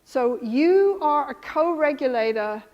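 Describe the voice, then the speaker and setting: An animated woman lecturing a workshop audience, her voice high and lively. She talks emphatically and acts out her examples. A long reverb hangs on her words, as in a big lecture hall. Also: a little slow, muffled recording. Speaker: workshop presenter.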